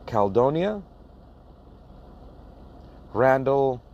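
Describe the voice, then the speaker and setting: A man's voice: mid-range voice, very animated, gravelly, darkish tone, highs cut off. A man talking casually to his viewers and reading out a list of places, plain-spoken and chuckling at names he cannot pronounce. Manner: slow, plain-spoken, laughs at his own mispronunciations. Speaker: box truck owner-operator vlogger.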